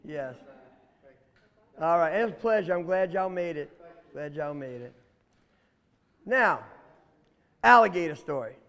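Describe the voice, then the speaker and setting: Lively storyteller man. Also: a little high, a little slow, pauses often, long reverb tail. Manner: playful, chatty, asks the children questions. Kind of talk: oral storytelling to children.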